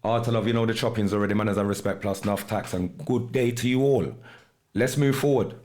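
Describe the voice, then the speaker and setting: A man's voice: on the low side, fairly even intonation, brisk, a little mellow. Laid-back man hosting a podcast. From United Kingdom. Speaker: podcast host and music artist. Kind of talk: casual podcast talk.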